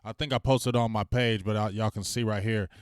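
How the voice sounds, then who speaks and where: A man hosting a casual sports livestream, talking in loose slang, venting and giving loud shout-outs. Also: fairly low pitch, steady tone, fairly quick, clear, resonant tone, no room sound, clean studio sound. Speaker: sports talk stream host.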